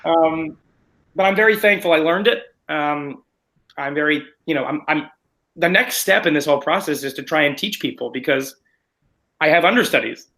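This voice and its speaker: A man, a stage actor, chatting in an interview in an animated, self-deprecating, rambling way. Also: fairly high pitch, normal speed, rough recording. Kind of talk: casual interview chat.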